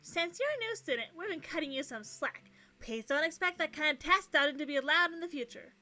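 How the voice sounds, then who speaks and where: A woman's voice: sits high, animated, a little fast, bright, forceful tone, soft background music. A woman reading the lines of a stern female student council president in a visual novel, in a formal, curt, scolding manner. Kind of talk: reading game dialogue aloud.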